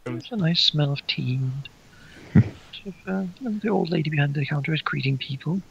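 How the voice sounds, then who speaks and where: A man narrating as game master of a tabletop game, halting with many fillers. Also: fairly high pitch, creaky, dull audio, slight background noise.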